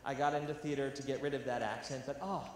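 A man's voice: mid-range voice, steady tone, quick pace, recorded from a distance. A young man from California giving an earnest, emphatic talk to an audience at a university, with some self-deprecating humor. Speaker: educational theatre speaker. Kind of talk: public talk to a live audience. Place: large university hall. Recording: echoey hall, faint noise.

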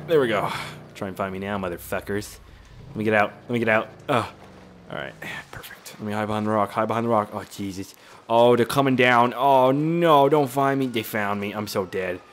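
Excitable man rambling over gameplay. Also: medium pitch, slight background noise. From Canada. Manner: excitable, rambling, swears often. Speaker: gaming YouTuber. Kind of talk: casual gameplay commentary.

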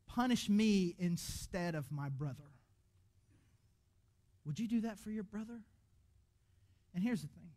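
A man preaching a sermon as pastor in a church, animated and conversational, restarting his words often. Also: high-pitched, unhurried, long pauses. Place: church auditorium.

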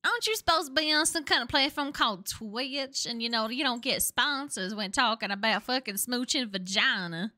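A woman's voice: on the high side, animated, normal speed, few pauses, sharp tone. A woman streamer chatting casually about a game in a playful, giggly manner.

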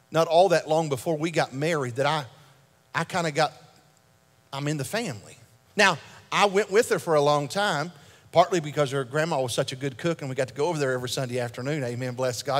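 A man preaches with a light, high-pitched voice and an emphatic, repeating delivery that keeps asking for an amen. His sermon rings out with the long reverb of a church sanctuary. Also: fairly quick. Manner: repeats and restarts words as he builds a point. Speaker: pastor.

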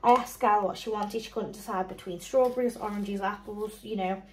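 A woman's voice: mid-range voice, steady tone, fairly quick, low-quality recording. A young woman and mum chatting casually through a shopping haul, rambling along and listing prices with small laughs. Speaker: mum and vlogger.

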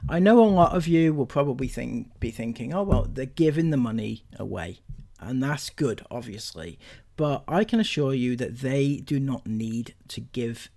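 A man hosts a commentary channel with an ordinary mid-range voice. He talks casually and critically, pausing often on ums as he works through his argument. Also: medium pitch, animated, vocal fry, warm tone. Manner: critical, conversational, frequent ums.

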